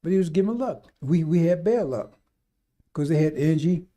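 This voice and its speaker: On an unscripted radio stream, a preacher with a dark, rather high voice speaks animatedly at normal speed. He wanders and chides in a folksy manner, now and then mocking others in put-on voices.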